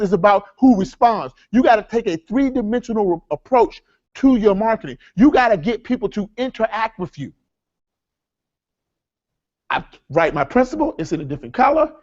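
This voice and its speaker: A man leading a live workshop seminar, energetic and repetitive, with a preacher-like cadence as he addresses the audience as folks. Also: high-pitched, highs cut off. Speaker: workshop speaker.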